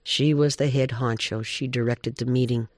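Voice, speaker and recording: Casting: male oral storyteller, expressive, mid-pitched, dry close mic. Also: normal speed, no echo. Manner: expressive, animated. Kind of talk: oral folk tale telling.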